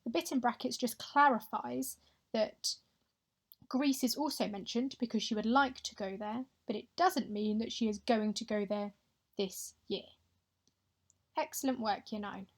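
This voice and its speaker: A young woman with a voice on the high side records a Spanish lesson as a voice-over on slides, from home or a classroom. She speaks clearly and patiently, slowly modelling pronunciation for pupils to repeat.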